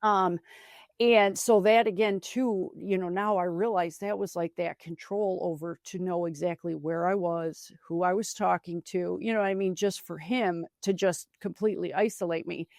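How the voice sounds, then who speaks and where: A young woman speaks in a lowish, gravelly voice with plenty of vocal fry. She tells her story reflectively, leaning on fillers as she goes. The sound is dry and close. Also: steady tone, moderate pace, darkish tone, no echo. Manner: reflective, many fillers like "you know" and "um". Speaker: podcast guest. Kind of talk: personal storytelling in an interview.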